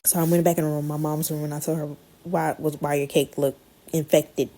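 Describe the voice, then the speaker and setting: A woman tells a story on her podcast in casual, slangy chat. Her voice is husky and gravelly, with a low, mellow tone. She swings between loud outbursts and hushed asides. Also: little pitch movement, fairly quick. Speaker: podcast host telling a story.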